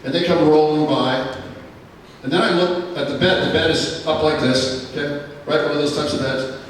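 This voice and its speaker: A man giving a personal testimony at a school chapel, telling his story in an earnest, plainspoken way with many pauses. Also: fairly high pitch, fairly even intonation, a little hiss or hum. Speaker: school staff member giving a chapel talk. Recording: echoey hall from far off.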